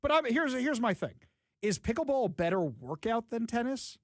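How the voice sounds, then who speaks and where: A middle-aged man hosts a casual talk show, acting out the people in his stories. His voice sits high and swings widely in pitch. The studio sound is dry and close. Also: normal speed, no echo. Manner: animated storyteller, acts out quotes. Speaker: radio talk show host. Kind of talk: casual chat.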